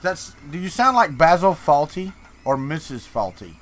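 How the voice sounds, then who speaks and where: Speaking at a moderate pace in a slightly high, very animated voice, this Florida streamer with a Southern American accent banters with his audience. He's a Deep South host who jokes around, reads the chat aloud, and responds to it during a relaxed live stream.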